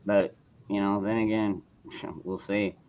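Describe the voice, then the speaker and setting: A man's voice: lowish voice, level tone, slow pace, a little mellow. A man hosting a casual live chat forum, talking bluntly and rambling, with frequent swearing. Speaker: host of a call-in forum. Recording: dull lo-fi sound.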